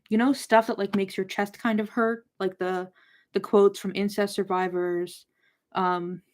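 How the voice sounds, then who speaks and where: Rambling woman in casual book chat. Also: mid-range voice. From North America. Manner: rambling, many "like" fillers. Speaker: host of a book discussion channel. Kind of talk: casual livestream chat, replying to viewers.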